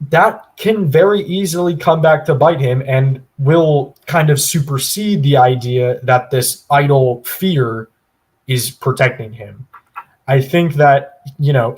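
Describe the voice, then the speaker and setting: A man's voice: mid-range voice, darkish tone. Man breaking down a game, opinionated. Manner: long, opinionated monologue with many fillers. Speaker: podcast co-host. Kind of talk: casual analytical chat.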